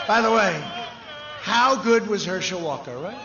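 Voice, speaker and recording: A man's voice: high-pitched, expressive, normal speed. A man giving a campaign rally speech outdoors before a large crowd, talking in rambling, repetitive, boastful riffs. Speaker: political speaker at a rally. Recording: echoey, dull PA sound with crowd noise. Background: cheering crowd.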